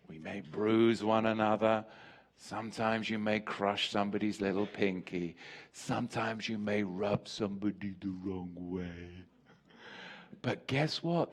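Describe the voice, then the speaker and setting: A man preaching a Sabbath sermon as a teacher, repeating key phrases for emphasis and slowing down on the words that matter. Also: lowish voice. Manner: slows and drops his voice on key words. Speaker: pastor teaching a weekly Sabbath lesson.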